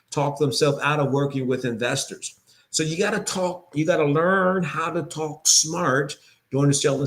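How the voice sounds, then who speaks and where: A man coaching real estate agents in an energetic sales pitch, repeating phrases for emphasis.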